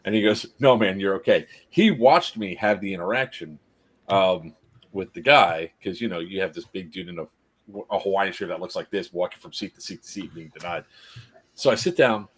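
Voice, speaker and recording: A man telling a story casually on a live stream, animated, laughing often and acting out the people in it. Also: low-pitched, normal speed, breathy edge.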